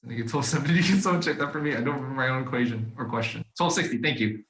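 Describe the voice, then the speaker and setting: A man's voice: mid-range voice, very fast, fairly bright tone, rough recording. Casual, swearing young male chemistry tutor. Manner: casual and easily flustered, swearing and laughing at himself. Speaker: supplemental instruction leader.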